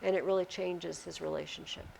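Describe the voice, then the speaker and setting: A woman's voice: lowish voice, steady tone, a little fast, creaky, a little mellow, slight background noise. A woman teacher leading a literature lesson in a classroom, questioning her students.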